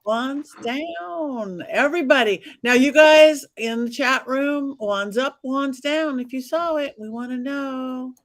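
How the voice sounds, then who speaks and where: A woman hosting a live film panel, her voice sitting a little high. She briskly keeps things moving and speaks directly to viewers in the chat. Her manner is friendly and practical. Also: no echo. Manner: brisk and organizing, addresses the chat. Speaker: host. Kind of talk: casual chat.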